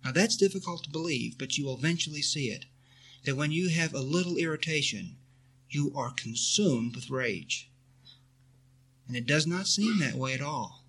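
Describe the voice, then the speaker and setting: A man's voice: a little high, lively intonation, moderate pace, long pauses, a bit bright, husky. A man giving an earnest spiritual talk, answering a question and leading his listeners in repeated affirmations. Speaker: spiritual teacher.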